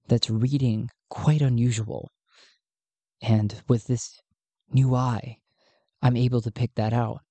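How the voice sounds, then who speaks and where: A woman voicing a calm, watchful man who speaks low, steady and reassuring in a solo tabletop game. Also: dry recording, heavily acted. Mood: urgent. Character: calm watchful man with a new cyber eye.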